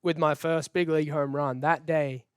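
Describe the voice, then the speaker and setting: A young Australian man in his twenties, a guest talking casually in an interview, relaxed and laughing easily. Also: fairly high pitch, normal speed, clean tone, dry recording, clean studio sound. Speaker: guest, baseball player.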